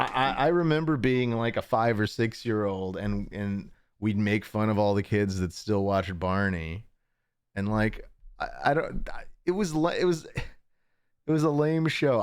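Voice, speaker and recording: Young male streamer, lowish voice, loose rambling chat with frequent chuckles, recorded at home. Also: measured pace, pauses often, smooth, no echo, clean studio sound. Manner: rambling, chuckling, self-interrupting. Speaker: livestream host. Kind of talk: casual livestream chat.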